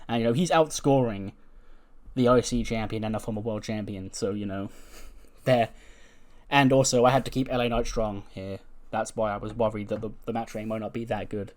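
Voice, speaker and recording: A man's voice: medium pitch, darkish tone. A man giving casual, rambling commentary on a wrestling management game, laughing often.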